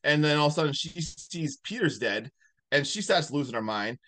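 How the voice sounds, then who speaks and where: A man hosting a podcast, casually recapping a movie in a rambling, animated way full of "like". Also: fairly high pitch, brisk. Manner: rambling, animated retelling with many likes. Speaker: podcast host.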